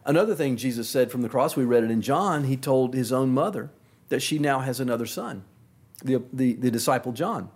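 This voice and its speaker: A man preaching a sermon, building slow emphasis through repeated phrases and dropping low and soft on key words. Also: husky. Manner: drops pitch and volume on key words.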